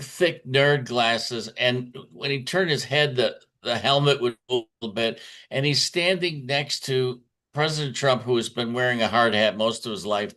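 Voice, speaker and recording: A man's voice: medium pitch, bright, forceful tone. Chatty man telling a market story. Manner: chatty storytelling with frequent fillers and restarts. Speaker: market commentator. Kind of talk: conference talk.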